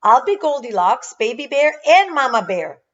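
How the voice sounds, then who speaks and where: A woman voicing a bossy little preschool girl who gives orders in a high, commanding child voice, on a dull lo-fi recording. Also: big pitch swings, moderate pace, distant mic. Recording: dull lo-fi sound.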